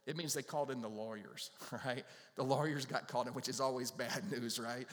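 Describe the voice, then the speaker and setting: A man's voice: medium pitch, steady tone, fairly quick, a bit bright. A man preaching an expository sermon in a casual, folksy way, joking with the congregation. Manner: conversational, folksy, jokes with the congregation. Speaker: pastor. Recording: long reverb from a large hall.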